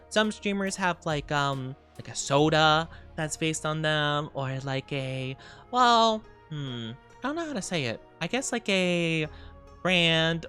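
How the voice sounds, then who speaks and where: A woman's voice: on the low side, fairly bright tone. A tired woman streamer rambling and giggling in casual chat, greeting viewers as she goes.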